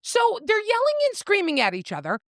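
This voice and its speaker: A woman's voice: very high voice, wildly swooping pitch, a little fast, no room sound, studio quality. A woman co-hosting a book podcast, casually retelling a novel's plot in a playful, swearing, storytelling way.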